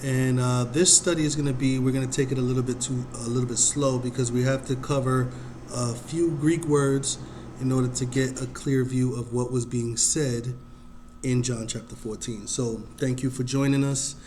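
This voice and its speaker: A man teaching a Bible study in a casual, unhurried way, reading verses aloud and pausing often to think. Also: medium pitch, level tone, noisy background.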